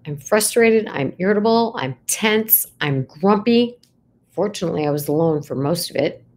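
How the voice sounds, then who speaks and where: A middle-aged woman who is a psychologist gives a reflective, conversational talk to camera, often checking in with "right?" and rising sharply for emphasis. Her voice is on the low side and a little mellow, with lively intonation at a normal speed.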